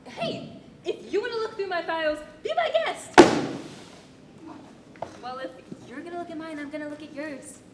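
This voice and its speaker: A woman's voice: very high voice, expressive, moderate pace, long pauses. A young woman playing a dry, sarcastic female admissions interviewer in a school stage play. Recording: echoey stage, loud hiss.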